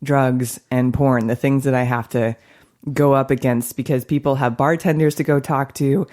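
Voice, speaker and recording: A woman's voice: extremely low pitch, fairly even intonation, moderate pace, darkish tone. A woman hosting a podcast in a studio, a counselor who chats frankly and laughs often. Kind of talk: casual podcast chat.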